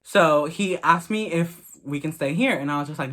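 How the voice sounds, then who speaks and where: A young man with a higher, bright, forceful voice tells a story in a casual vlog. He is blunt, crude and animated, and he swears a lot. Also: moderate pace. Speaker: vlogger.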